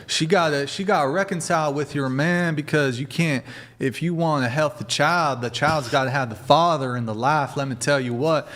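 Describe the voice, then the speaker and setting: A man's voice: fairly high pitch, normal speed, fairly bright tone. Foul-mouthed Southern-accented male host. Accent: Southern American. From American South. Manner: crude, swears a lot, blunt. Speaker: debate show host. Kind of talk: casual live-stream chat.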